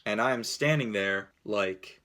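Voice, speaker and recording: A young man from Cape Cod telling a casual story-time tale, animated and full of "like", acting out what people said. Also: lowish voice, takes it slowly. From Cape Cod, Massachusetts. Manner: animated, quotes people in his story, heavy use of "like". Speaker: storyteller vlogger.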